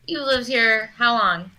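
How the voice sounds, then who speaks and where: Bright-voiced woman chatting as a player. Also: a little high, low-quality recording. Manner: chatty, casual, questioning. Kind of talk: casual tabletop game play.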